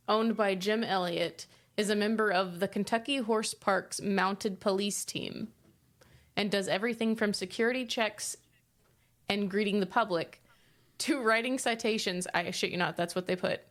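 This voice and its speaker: A woman's voice: medium pitch, unhurried. A woman co-hosting a casual podcast, reading out trivia clues and joking and swearing as she goes.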